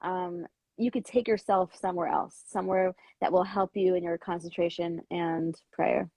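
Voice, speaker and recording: A woman educator with a slightly rough morning voice, speaking hesitantly with fillers and listing points slowly in a casual interview. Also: lowish voice, fairly even intonation, darkish tone, no echo. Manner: hesitant with many fillers, slow deliberate listing. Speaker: educator and author, guest. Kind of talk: casual video-call interview.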